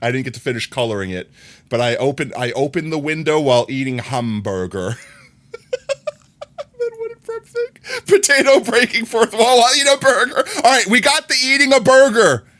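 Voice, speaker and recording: Giggly, animated male streamer. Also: normal speed. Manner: giggly, laughs often and breaks into high squeals; playful and teasing. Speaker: live streamer. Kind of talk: casual live-stream chat with viewers.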